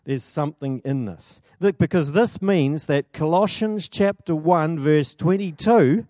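A man's voice: a little high, a little slow, few pauses, mellow, dry recording, clean studio sound. A man preaching a sermon in a church, chatty and enthusiastic, often asking the congregation questions.

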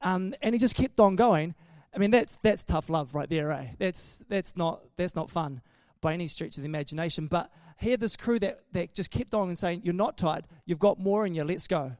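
A man's voice: sits high, animated, moderate pace, few pauses, a little mellow, no room sound, clean studio sound. A man preaching a casual sermon in a chatty, joking way, often restarting his sentences.

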